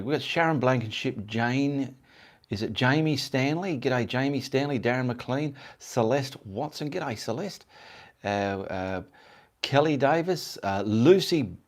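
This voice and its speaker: An Australian man from Perth hosting a casual live stream, rambling and greeting viewers by name. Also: medium pitch. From Perth, Western Australia. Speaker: livestream host and artist.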